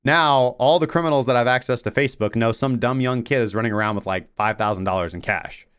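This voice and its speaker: A man hosting a crypto trading show in a loose, chatty way, leaning on fillers as he walks through his charts. His voice is smooth and resonant and sits at an ordinary middle pitch. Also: fast talker, fairly bright tone. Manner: rambling, filler-heavy talk. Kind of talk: casual market commentary.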